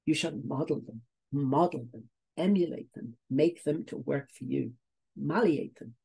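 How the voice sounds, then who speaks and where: Irish male business coach, gravelly and husky, repeats himself and checks in with "okay?". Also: medium pitch, a little slow, dark tone. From Ireland. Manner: repetitive, tags points with "okay?" and "uh, there" fillers. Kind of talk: online training webinar.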